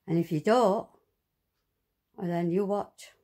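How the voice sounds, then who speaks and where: A woman ranting angrily and swearing, talking to her viewers from inside her flat. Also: on the low side, takes it slowly. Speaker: vlogger. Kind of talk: angry monologue to camera.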